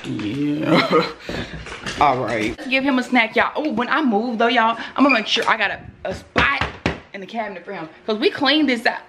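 Young woman, casual phone vlog, jokey, clear background noise. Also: a little high, big pitch swings, normal speed. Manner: chatty, joking, addresses viewers as y'all. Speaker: vlogger. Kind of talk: casual vlog chat to camera. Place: home and car.

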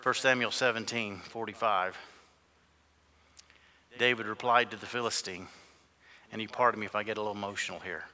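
A man preaching from the pulpit with a bright, forceful voice, swinging between hushed asides and ringing, shouted peaks. His voice rolls out into a church hall with a long reverb tail. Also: fairly low pitch, fairly even intonation, a little fast, long pauses. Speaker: pastor. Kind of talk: sermon. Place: church sanctuary.

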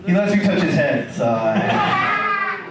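Lively high-voiced stand-up comic man. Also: slow, very noisy. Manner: crude, loose, conversational storytelling. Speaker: stand-up comedian. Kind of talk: stand-up comedy set. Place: bar venue stage with live audience. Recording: echoey room, distant mic, crowd audible.

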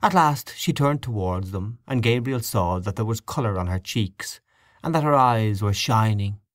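A man reading a literary short story aloud as an audiobook narrator, in a measured, expressive way. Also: lowish voice, dry recording, clean studio sound.

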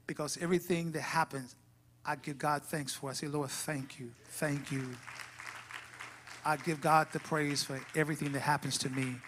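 A man's voice: fairly high pitch, fairly even intonation, moderate pace, a bit bright, some chatter behind, a little hiss or hum. A man who is pastor, giving church announcements and then leading a fervent, rising prayer in a church. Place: church sanctuary.

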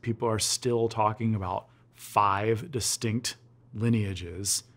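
A man's voice: on the low side, steady tone, slow pace, a crowd in the background. A man giving an expert documentary interview with emphatic, lecturing delivery.

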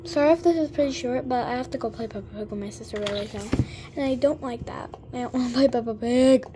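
A woman's voice: fairly high pitch, quick pace, noisy background. A girl giving chatty gameplay commentary, full of fillers and sudden exclamations. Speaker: gamer.

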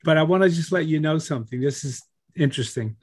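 A man's voice: fairly high pitch, quick pace, husky. A man from Louisiana with a Louisiana accent, co-hosting a writing event in enthusiastic, playful casual chat over a video call. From Louisiana, United States.

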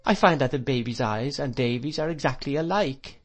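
A man voicing a gentle, timid young mother in an audiobook reading, speaking softly and meekly in a raised voice. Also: mid-range voice, expressive, a little fast, voice pushed up, close to an everyday voice. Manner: soft, meek, faltering.

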